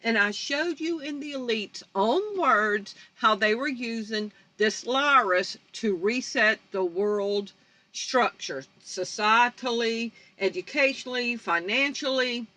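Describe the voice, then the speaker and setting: A woman's voice: a little high, slow, sharp tone, no echo. A woman, hosting her own channel in a blunt, confrontational vlog rant. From North Baton Rouge, Louisiana. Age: 50s. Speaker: channel host. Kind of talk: fiery vlog rant to viewers.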